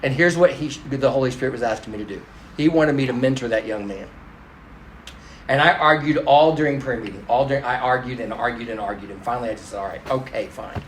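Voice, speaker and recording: A man's voice: mid-range voice, fast, roomy sound, slight background noise, rough recording. A middle-aged man giving a conversational storytelling sermon to a congregation, speaking to the crowd directly and poking fun at himself. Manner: conversational and self-deprecating, addresses the crowd directly. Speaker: pastor.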